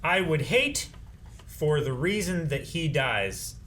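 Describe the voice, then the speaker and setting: A man's voice: on the high side, lively intonation, slow pace, fairly bright tone, slight background noise. Easygoing young man in group chat. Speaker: reaction show co-host.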